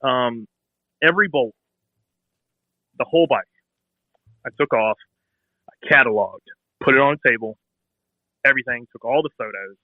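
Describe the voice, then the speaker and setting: A man in his thirties telling a long, animated story about a bike build in a casual interview, acting out phone calls in quoted voices. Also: medium pitch, moderate pace, pauses often, no echo. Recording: tinny phone-like sound.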